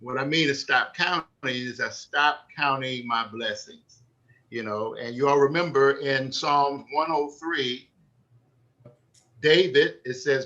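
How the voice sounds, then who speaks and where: A man moderating a church talk program, giving closing devotional remarks in an unhurried, earnest way with frequent fillers. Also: medium pitch, sharp tone. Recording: dull lo-fi sound.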